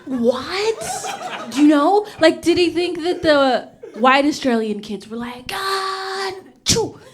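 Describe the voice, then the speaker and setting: A woman's voice: sits high, takes it slowly. A young woman stand-up comedian from Uganda, telling stories on stage and acting out voices, sometimes dropping to a whisper for a punchline. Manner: animated, acts out voices, drops to whispers for punchlines. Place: comedy stage before a live audience.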